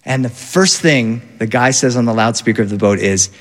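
A man telling a personal story about his family in an animated, vivid, run-on way. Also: medium pitch, normal speed. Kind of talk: personal storytelling before an audience. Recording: long hall reverb.

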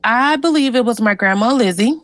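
A woman's voice: fairly high pitch, fairly quick, no echo, faint music behind, poor audio. A woman from Louisiana in an interview, earnestly telling a personal story about her family and ancestors. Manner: earnest and animated, with fillers. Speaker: interviewee, genealogist.

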